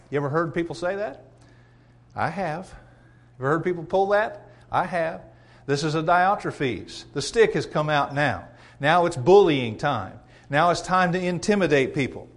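Higher-voiced preacher, conversational and emphatic. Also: male voice, lively intonation, normal speed. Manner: conversational, emphatic, chuckles often, acts out quotes. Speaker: pastor. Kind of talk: sermon.

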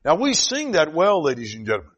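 A man's voice: a little high, huge pitch swings, breathy edge. Emphatic male preacher, rising and dropping. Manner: emphatic, swings between loud declaring and quiet, slowed delivery. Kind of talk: sermon.

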